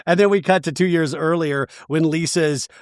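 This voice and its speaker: A man's voice: on the high side, fairly even intonation, normal speed, no room sound, studio quality. A man hosting a podcast, recapping a show casually and acting out the quotes. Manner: gossipy, acts out quotes. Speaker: podcast host.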